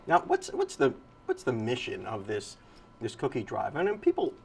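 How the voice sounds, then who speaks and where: A man's voice: mid-range voice, huge pitch swings, moderate pace, gravelly, slightly rough. A man hosting a morning TV show, chatting with guests and often repeating their words back. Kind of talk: casual TV interview.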